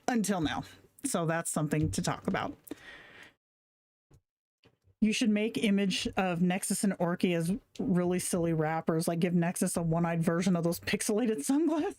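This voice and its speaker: Woman streamer talking casually, slangy and kinda profane, reading chat out loud. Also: mid-range voice. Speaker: livestream host.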